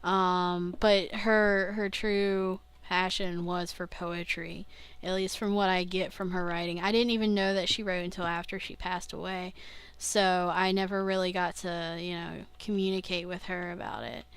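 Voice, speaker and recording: A woman's voice: fairly low pitch, little pitch movement, normal speed, clean tone. A young woman vlogging casually, rambling and interrupting herself, often laughing at her own slips. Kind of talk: casual rambling video diary.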